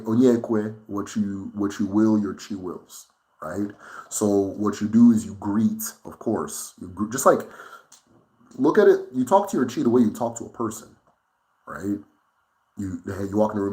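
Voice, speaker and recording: A man hosting a casual livestream Q&A, speaking conversationally and often checking in with "right?". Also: on the low side. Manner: relaxed and unhurried, with fillers and restarts while thinking. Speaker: host answering viewer questions.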